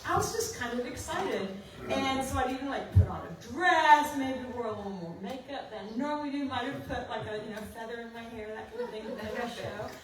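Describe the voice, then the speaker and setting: Middle-aged woman songwriter, chatty and self-mocking, a bit high, heard from across a very echoey living room. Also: expressive, fairly quick, crowd noise. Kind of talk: storytelling at a house concert. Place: living room house concert. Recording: roomy, distant mic.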